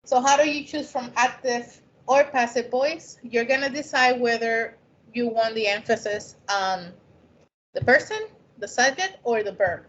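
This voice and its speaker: A woman's voice: a little high, unhurried. A woman whose first language is not English gives a conversational lecture on scientific writing, often checking in with "right?". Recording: dull lo-fi recording.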